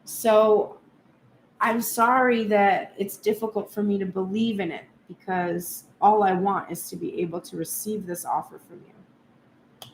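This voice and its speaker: A woman's voice: mid-range voice, fairly even intonation, a little slow. Tarot-reading woman in a roomy space. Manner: heated, speaks in first person as the partner. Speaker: tarot reader. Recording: roomy echo, faint background hum.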